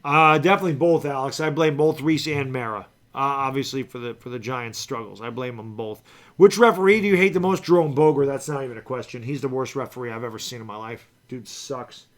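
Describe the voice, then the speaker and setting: A man co-hosting a live sports stream, chatting casually, thanking viewers and calling plays, jokey and loud on big moments. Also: medium pitch, fairly quick. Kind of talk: live stream chat with play-by-play.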